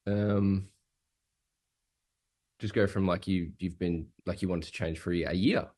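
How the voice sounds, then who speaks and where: A man's voice: low voice, steady tone, a little slow, darkish tone. A man practising a sales call, hesitant and casual, often repeating words. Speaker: salesperson in training.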